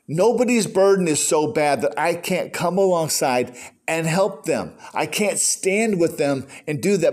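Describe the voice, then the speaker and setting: A man's voice: a little high, a little mellow. An older man preaching a sermon in a conversational storytelling way, acting out quotes. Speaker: pastor.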